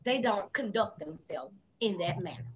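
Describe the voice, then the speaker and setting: A woman's voice: mid-range voice, normal speed, highs cut off. A woman in her thirties, a talk show host, chatting casually and telling stories with heavy profanity. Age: 30s. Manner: animated storytelling, heavy profanity, acts out quoted people. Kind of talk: casual chat.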